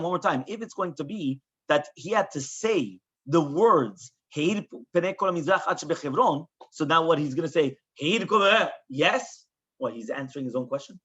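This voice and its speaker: A man's voice: fairly high pitch, fairly bright tone, slightly rough, highs cut off. A man teaching a Talmud class as a rabbi, explaining the text with lots of rhetorical questions and quoted Hebrew and Aramaic.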